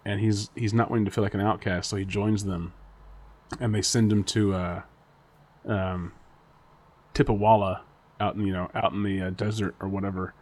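A man with a lowish voice co-hosts a casual podcast chat. He rambles through guesses, stumbles over restarts and laughs often. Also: level tone, normal speed, pauses often, darkish tone. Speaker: podcast co-host.

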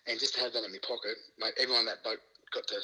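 Very bright-voiced Australian man, laughing storyteller. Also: level tone, very fast, breathy edge, rough recording. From Queensland, Australia. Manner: laughs often, acts out quoted lines with rising pitch. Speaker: guest, former rugby league player. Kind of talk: casual storytelling.

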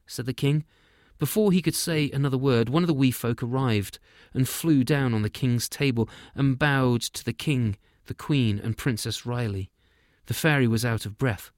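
A man narrating a fantasy storybook for young listeners in a gentle, measured reading voice. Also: on the low side, dry recording, clean studio sound.

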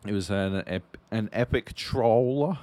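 Deep-voiced, swearing podcast co-host. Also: male voice, takes it slowly, no room sound. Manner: rambling, swears constantly, animated storytelling. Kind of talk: casual chat.

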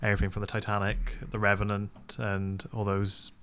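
A man from Wales, a guest on a casual podcast chat, good-humoured and quick to laugh. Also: on the low side, monotone, a bit bright, a little hiss or hum. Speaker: podcast guest, film website reporter.

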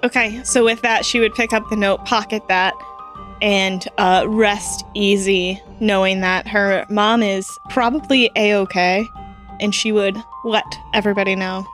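Female player, mid pitch, chatty and explanatory, faint music bed. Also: steady tone, a little slow, a bit bright. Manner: chatty, explains her character's actions. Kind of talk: playing a tabletop game.

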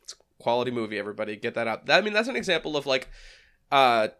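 A man's voice: mid-range voice, very animated, rapid-fire, pushed and bright. A man hosting a casual movie-review podcast over a call, joking and laughing often. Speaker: podcast host.

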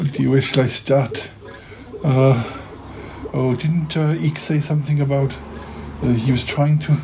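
A man's voice: medium pitch, dark tone, slight background noise, natural voice. A man voicing Cromitty, a fussy, dithering inventor who keeps fretting aloud. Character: fretful inventor Cromitty, keeps saying oh dear.

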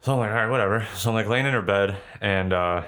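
A man's voice: fairly low pitch, quick pace, fairly bright tone, clean tone. A young man telling a long, rambling, profane story in a casual chat, full of fillers.

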